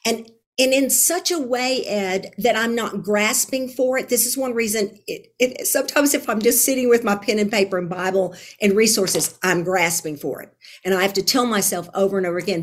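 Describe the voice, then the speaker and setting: A woman's voice: mid-range voice, moderate pace. A woman Bible teacher and speaker talking as a podcast guest in an earnest, emphatic way, often repeating and restarting her phrases. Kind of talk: casual interview conversation.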